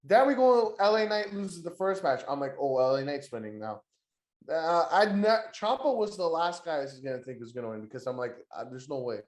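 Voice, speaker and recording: An excitable man co-hosts a casual podcast, full of slang and quick laughter. His voice is a bit high, and the room echoes around him.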